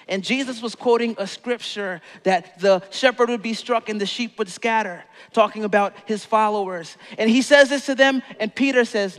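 A man's voice: sits high, big-room sound. A man preaching a sermon as pastor, telling a story playfully and acting out the quotes.

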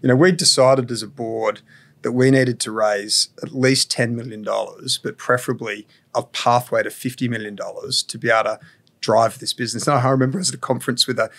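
Measured man telling his story. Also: mid-range voice, steady tone, a bit bright. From Australia. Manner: measured, explains at length with frequent "you know" and "like". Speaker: entrepreneur guest. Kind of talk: reflective podcast interview.

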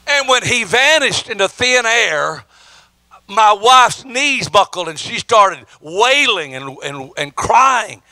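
Male evangelist, middle-aged, bright high voice, emphatic sermon storyteller who stammers and restarts. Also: big pitch swings, slow pace, no room sound. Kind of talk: sermon testimony.

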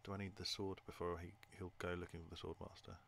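A man's voice: sits low, little pitch movement, quick pace, vocal fry, fairly bright tone, slight background noise. A man thinking aloud while playing a game, hesitant and muttering to himself. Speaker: gamer. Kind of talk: playthrough commentary.

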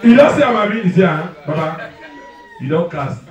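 Loud Nigerian comedian teasing a crowd. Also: male voice, sits high, big pitch swings, a little fast, far from the mic. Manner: loud, teasing, talks straight to the crowd in pidgin. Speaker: stand-up comedian. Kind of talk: live stand-up with crowd work. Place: live comedy venue. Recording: echoey venue, mic heard from afar, crowd noise. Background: audience laughing.

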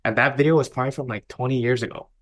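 A young adult man who films weddings co-hosts a casual podcast, telling stories animatedly and packing his speech with "like." His mid-range voice races along.

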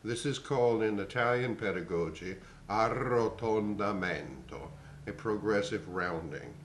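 An older man in his sixties gives a singing lesson, talking slowly in a measured, explanatory way. His voice sits a little low, and the room around him rings with echo. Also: slight background noise. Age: 60s. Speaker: voice teacher.

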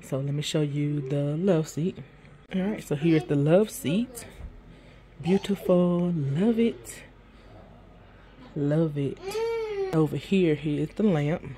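A woman's voice: sits low, slow, a crowd in the background. Chatty woman vlogging at home. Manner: chatty, addresses viewers as y'all, repeats herself. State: stuffy nose. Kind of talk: casual home vlog talking to viewers. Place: living room at home.

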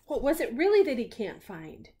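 A woman's voice: on the high side, very animated, normal speed, warm tone, a little hiss or hum. An older woman and grandmother reading a storybook aloud, stopping to explain the story to children with questions. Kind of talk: storybook read-aloud with asides.

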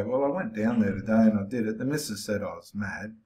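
A man's voice: lowish voice, a little fast, hardly any pauses, dark tone. Impassioned male preacher in an echoey room. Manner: confrontational, challenging the listener directly. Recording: roomy echo.

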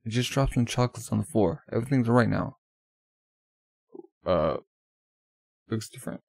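A man's voice: medium pitch, expressive, normal speed, gravelly, a little mellow, no room sound. A man casually reading a comic aloud and talking through the panels, with loose phrasing and frequent restarts. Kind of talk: reading a manga aloud with commentary.

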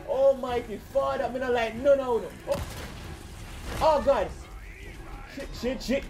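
A man with a Jamaican accent commentating a game, loud and excitable, yelling and joking in patois as he plays. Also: extremely high pitch, moderate pace, faint music behind. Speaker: gamer commentator. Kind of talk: let's-play commentary.

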